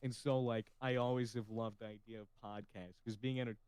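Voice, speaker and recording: A man's voice: medium pitch, fairly even intonation, fairly quick, darkish tone, smooth, no room sound, rough recording. Man, podcast host, slightly nasal, casual chat, dry sound. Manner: chatty, swears casually, laughs often.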